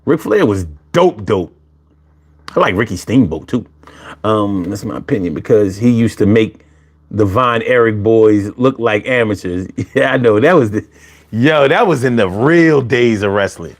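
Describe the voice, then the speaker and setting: Man, casual livestream chat, slow pace, lively pitch, profane, laughs a lot. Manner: animated, profane, laughs often. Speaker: livestream host reading chat.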